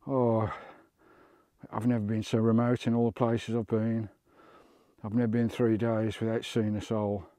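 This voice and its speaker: British male vlogger outdoors, warm low voice, a bit winded, gushing over scenery. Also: flat delivery, unhurried, no echo. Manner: chatty, exclaims at scenery. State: out of breath. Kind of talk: walking travel vlog commentary. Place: outdoors on a coast.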